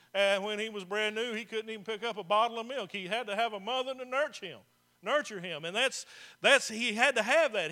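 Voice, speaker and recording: A pastor with a high-pitched, sharp-toned voice preaches a sermon. He talks conversationally to the congregation, putting questions to them and repeating phrases for emphasis.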